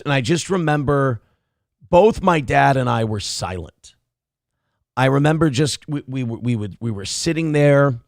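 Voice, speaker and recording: A man's voice: a little high, gravelly, no echo, clean studio sound. A man in his thirties from Minnesota hosting a live show, ranting with plenty of profanity. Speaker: show host. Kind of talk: casual live-stream commentary.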